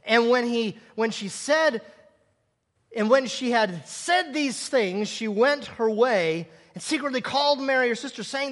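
A man's voice: very high-pitched, lively intonation, measured pace, fairly bright tone, in a large hall. A man preaching a sermon, acting out scripture scenes and asking rhetorical questions.

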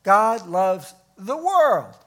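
A man preaching a sermon, stressing key words loudly and dropping to hushed asides. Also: high-pitched, sing-song, extremely slow. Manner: emphatic, swinging between loud stresses and hushed asides. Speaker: pastor.

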